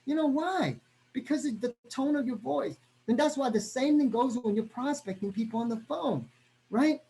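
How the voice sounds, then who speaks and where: A man giving an energetic motivational training talk over a video call, constantly checking in with his listeners. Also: very high voice, moderate pace, creaky. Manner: energetic, punctuates every point with "right?".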